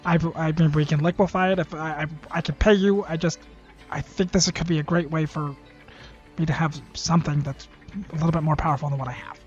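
A man's voice: on the high side, steady tone, fairly quick. A man playing in a tabletop game, joking and hesitant with fillers. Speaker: player. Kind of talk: casual tabletop game play. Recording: slightly muffled recording with faint music.

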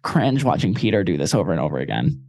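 A man's voice: deep voice, big pitch swings, quick pace, a little mellow, dry recording, studio quality. A man co-hosting a podcast, chatting and rambling, with lots of filler words. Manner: chatty, rambling, heavy use of "like". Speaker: podcast co-host. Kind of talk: casual chat.

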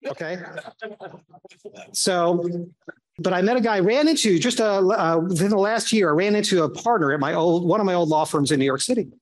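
A man leading a conversational Bible study, animated and given to asides and restarts, who acts out quotes in shifting voices. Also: high-pitched, normal speed.

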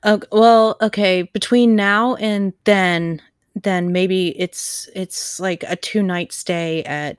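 A woman's voice: medium pitch, steady tone, takes it slowly, clean tone, dry recording, studio quality. A woman co-hosting a casual podcast chat in an easygoing, agreeable way. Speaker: podcast co-host.

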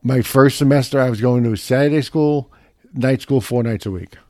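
A man's voice: medium pitch, normal speed, mellow, no room sound. A middle-aged man telling a profane, brash story in casual chat.

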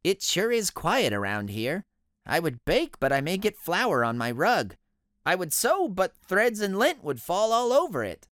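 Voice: mid-range voice, wildly swooping pitch, measured pace, fairly bright tone, no room sound, studio quality, pitched above the performer's own voice. A storybook reader voicing a fussy, house-proud male rabbit who scolds his guests. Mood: wistful. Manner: scolding, anxious about his rug. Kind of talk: storybook read-aloud.

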